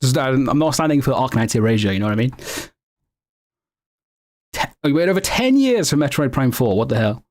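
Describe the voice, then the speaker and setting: Brisk but pausing often, this man speaks at medium pitch with big pitch swings and a darkish tone. He casually streams, answering viewers in a rambling, self-correcting manner with lots of laughter.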